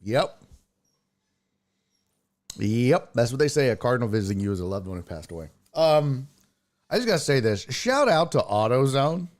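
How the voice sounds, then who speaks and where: A man's voice: medium pitch, very animated, moderate pace, long pauses. A man hosting a sports talk stream, chatting casually in a rambling, profane way and laughing through his stories. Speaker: sports podcast host. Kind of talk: casual livestream chat.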